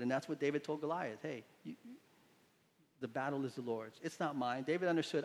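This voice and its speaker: A man preaching a sermon as pastor, telling stories with lively voices for the people in them. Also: on the high side, fairly quick, in a large hall. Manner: animated storytelling, acts out quotes with voices. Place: church sanctuary.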